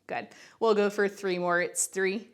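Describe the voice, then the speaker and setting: A woman's voice: medium pitch, steady tone, unhurried, clean tone. Upbeat woman coaching a Pilates class. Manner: upbeat, chatty coaching while counting reps. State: working out along, slightly winded. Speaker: Pilates instructor. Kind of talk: guided workout instruction.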